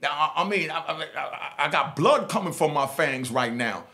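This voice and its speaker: Gravelly man telling prison stories. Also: lively intonation, normal speed. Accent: Jamaican New York. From New York. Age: middle-aged. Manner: street slang, frequent "you know what I mean" asides; acts out other voices, dropping low and soft for them. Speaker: storyteller recounting prison life. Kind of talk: casual spoken storytelling.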